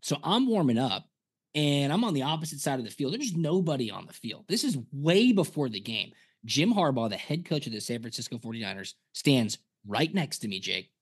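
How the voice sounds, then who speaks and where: A former punter co-hosting a casual sports podcast, telling stories and acting out quotes. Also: male voice, mid-range voice, a little fast, husky. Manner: animated storyteller, acts out quotes.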